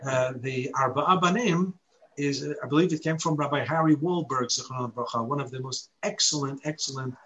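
A man's voice: medium pitch, fairly quick, fairly bright tone, muffled recording. A man giving an expository Torah lesson, explaining step by step, reciting Hebrew verses and posing rhetorical questions. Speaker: Torah teacher.

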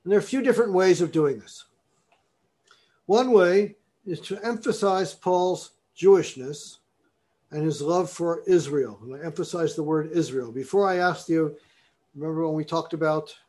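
A man lecturing in a classroom, his voice sitting a little higher than most men's. He talks in a discursive way, circling back on his points, and now and then he reads passages aloud with stress on the key words. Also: moderate pace, darkish tone. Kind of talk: university lecture.

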